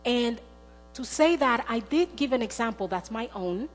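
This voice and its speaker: In a church sanctuary, the long reverb of the hall, a mains hum and faint music surround a middle-aged woman delivering a sermon. Her slightly high voice moves at a moderate pace with lively intonation. She tells stories earnestly, voicing the quoted speakers herself.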